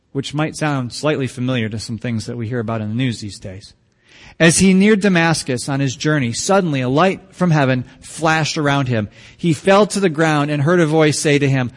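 A male pastor delivers a sermon in a casual, joking way, talking with the congregation. His voice sits a little high for a man. The sound rings with a long hall reverb.

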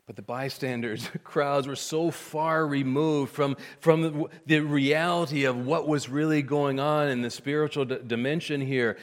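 A man preaching a sermon, swinging from hushed, intimate lines to loud, emphatic cries. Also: on the high side, fairly even intonation, normal speed, hardly any pauses. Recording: long hall reverb.

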